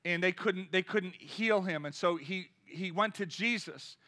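A man's voice: sits high, unhurried, sharp tone. A man preaching a sermon to a congregation in a church, talking conversationally, asking the room questions and rising to impassioned cries. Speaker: pastor.

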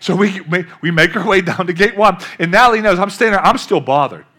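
Older male pastor, high bright voice, animated storytelling sermon. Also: fast. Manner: storytelling, animated, calls out to the congregation.

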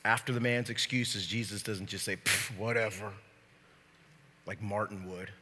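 A man pastor preaching a sermon to his church, moving from quiet teaching to shouted preaching. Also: fairly low pitch, fairly even intonation, normal speed, husky. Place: church sanctuary. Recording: long reverb of a large hall.

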